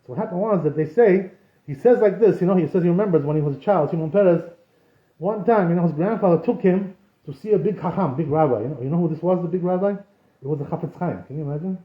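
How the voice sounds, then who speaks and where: A man's voice: high voice, fast talker. A man, a rabbi, giving an informal Torah class in a conversational way, often saying "you know" and using Hebrew terms. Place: synagogue. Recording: echoey room, dull lo-fi sound.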